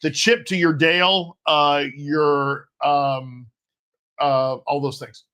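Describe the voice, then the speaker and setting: A man's voice: a little high, little pitch movement, slow pace, sharp tone, clear, resonant tone. A man co-hosting a casual livestream, joking around and rambling in a self-mocking way. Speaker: co-host.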